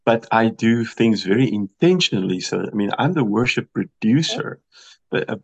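A man's voice: on the low side, muffled recording. A middle-aged South African man with a slightly American-tinged accent, a worship producer talking animatedly in an interview and restarting his phrases often. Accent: South African with some American. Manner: animated, emphatic, thinks aloud with restarts. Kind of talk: radio interview.

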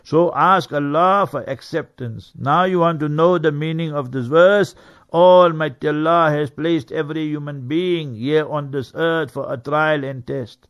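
Mufti type, man, slightly higher voice, emphatic and earnest, quick Arabic recitation. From South Africa. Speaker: mufti and radio teacher. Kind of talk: religious talk on Quran verses. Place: radio studio.

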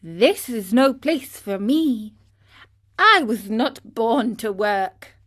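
A fretful, impulsive puppet boy, as a woman reading a storybook puts him on, with a raised, youthful voice that jumps quickly into alarm. He talks eagerly and unhurriedly, slightly slower than usual speech. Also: animated, a bit bright, exaggerated voice. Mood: weary. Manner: high, eager and easily frightened.

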